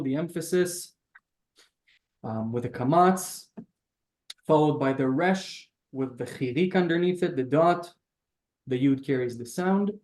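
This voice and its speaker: A man leads a beginner language lesson over a video call, taking his time and sounding out each word slowly. His voice sits a little high for a man. A roomy echo hangs around him on the call audio. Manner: patient, explains step by step and sounds out words slowly. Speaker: Hebrew teacher.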